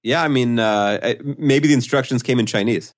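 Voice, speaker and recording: A man with a mid-range voice trades dry, wry comments as a podcast co-host in an easy, casual chat. He fills pauses with "uh" and "you know" as he goes. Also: mid-range voice.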